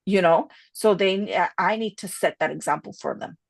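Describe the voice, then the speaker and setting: A woman's voice: fairly low pitch, moderate pace, vocal fry, no room sound. A woman co-hosting a podcast, telling stories candidly and slipping in Spanish phrases. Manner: chatty, with many "you know" fillers. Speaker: podcast co-host. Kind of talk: casual podcast chat.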